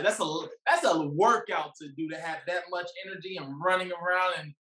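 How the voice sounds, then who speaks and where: A man's voice: high-pitched, a little fast, hardly any pauses, pushed and bright. Man, comedian, storytelling podcast chat, roomy echo, distant from mic. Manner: storytelling, acts out quotes.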